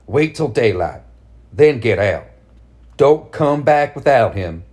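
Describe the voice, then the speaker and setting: A man's voice: mid-range voice, big pitch swings, slow pace, a little mellow. A man voicing a mother driven mad by grief, speaking in a cold, bitter, commanding way in a storybook reading.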